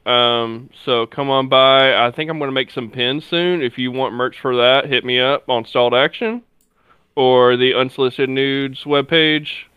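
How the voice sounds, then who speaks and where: A man's voice: mid-range voice, fairly even intonation, measured pace, clean tone, no echo, narrow, tinny audio. A man chatting casually on a podcast panel, hesitant and full of fillers. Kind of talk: casual chat.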